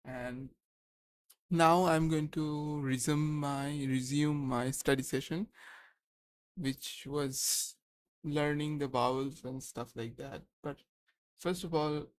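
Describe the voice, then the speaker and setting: A young man on a live study stream, thinking aloud and slowly sounding out syllables, pausing to check himself. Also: a little high, steady tone, no echo. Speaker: language learner streaming study session.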